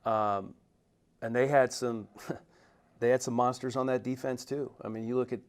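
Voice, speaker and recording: A man's voice: mid-range voice, fairly even intonation, moderate pace, clean tone. A man with a mid-range voice hosts a podcast interview. He is chatty and affirming, and he asks long, winding questions.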